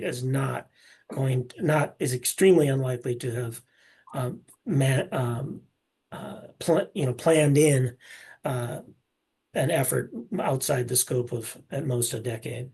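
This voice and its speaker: A man presenting a seminar, answering questions in a hesitant, measured way with many pauses and restarts. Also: mid-range voice, vocal fry, a little mellow, breathy edge.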